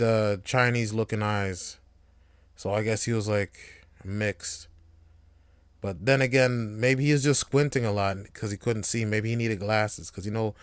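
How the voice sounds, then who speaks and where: A man's voice: mid-range voice, clean tone, dry recording, clean studio sound. A young man hosting a casual solo podcast, loose and rambling, swearing freely. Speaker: podcast host.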